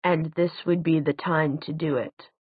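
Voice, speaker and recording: Woman voicing a grave older man, audiobook tutor, low quiet delivery, slow and measured, tinny dry sound. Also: fairly even intonation, slightly rough, dry recording. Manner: quiet, slow, deliberate speech.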